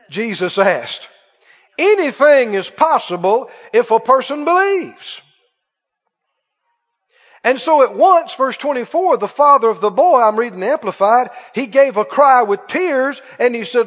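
A man preaching a sermon with emphasis, slowly drawing out quoted pleas and scripture. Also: very high-pitched, lively intonation. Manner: emphatic, drawn-out quoting of pleas. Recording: dull recording in a reverberant hall.

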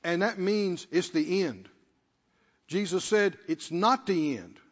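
High-voiced preacher in a reverberant church. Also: male voice, expressive, slow. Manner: calls out to the congregation, rising to shouts. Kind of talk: sermon. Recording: muffled sound with long church reverb.

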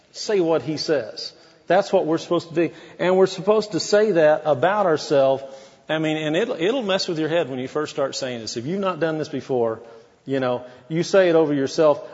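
A man's voice: on the high side, a little mellow. Guy pastor preaching casual and folksy, echoey church, kinda muffled. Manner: folksy, conversational preaching with asides. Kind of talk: sermon.

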